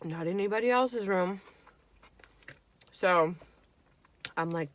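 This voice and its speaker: A woman's voice: lowish voice, unhurried, a bit bright. A woman in her twenties telling a casual storytime while eating, chatty and profane, acting out her friends' lines. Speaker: vlogger.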